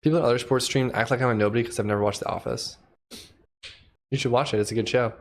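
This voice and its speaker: A man livestreaming as a programmer, thinking aloud in a loose, relaxed way and chatting with viewers. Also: mid-range voice, fast talker. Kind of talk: casual livestream chat while coding.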